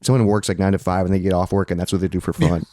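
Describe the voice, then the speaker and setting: Fast-talking teasing man on a podcast. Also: sits low, little pitch movement, mellow, no room sound, studio quality. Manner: teasing, profane, quick banter. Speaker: podcast co-host. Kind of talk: casual chat.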